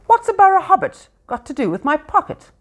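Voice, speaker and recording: A woman voicing a coarse, brutish male troll with gruff, rough working-class speech. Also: extremely high pitch, very animated, brisk, voice pushed up.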